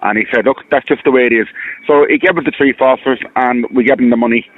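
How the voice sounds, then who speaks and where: Irish man, caller, fast talker, rambling and earnest, phone-line sound. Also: medium pitch. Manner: rambling, repeats himself, hurt and earnest. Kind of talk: phone-in radio call.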